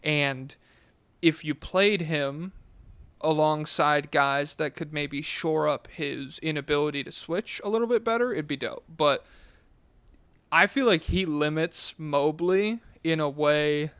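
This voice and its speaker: Young male podcast co-host, opinionated and animated, smooth voice, dry close sound. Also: on the high side, unhurried, no echo. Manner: opinionated, animated, swears casually. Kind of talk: casual sports chat.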